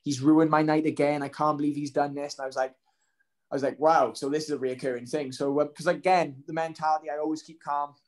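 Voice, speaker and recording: A man, telling a story casually as an interview guest, rambling with many ums and restarts. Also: a little high. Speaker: guest, professional fighter.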